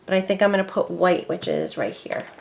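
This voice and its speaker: A woman hosting a casual crafting video, chatting as she works. She is easily excited and thinks aloud between steps. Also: on the low side, a little fast, creaky, slight background noise. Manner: chatty, excitable, talks to herself while working.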